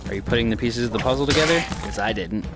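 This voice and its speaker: A man's voice: medium pitch, racing. A young man hosting a gaming channel, rambling through a joking, swearing recap of a horror game. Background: music.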